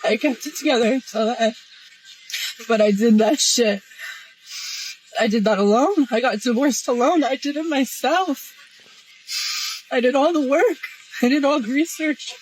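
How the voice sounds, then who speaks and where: A woman in a tearful, halting, emotional confessional vlog. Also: high voice, darkish tone, slight background noise, rough recording. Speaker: social media poster.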